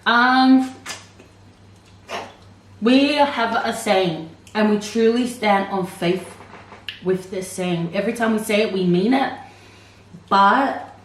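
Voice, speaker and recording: A woman's voice: mid-range voice, slow pace, long pauses, reverberant, distant mic, rough recording. A woman co-hosting a casual mukbang vlog, teasing her husband and laughing often. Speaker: vlog co-host.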